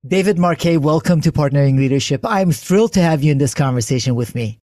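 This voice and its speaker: A man's voice: fairly high pitch, fast talker, dark tone, dry recording, studio quality. A man hosting an interview podcast, welcoming and praising his guest with enthusiasm. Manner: enthusiastic, complimentary. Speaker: podcast host.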